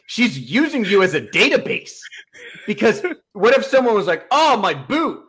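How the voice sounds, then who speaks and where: A man co-hosting a loose podcast chat, joking loudly and swearing as he talks. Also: sits high, big pitch swings, normal speed, husky. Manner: loud, laughing, profane banter. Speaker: podcast co-host. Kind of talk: casual comedic chat.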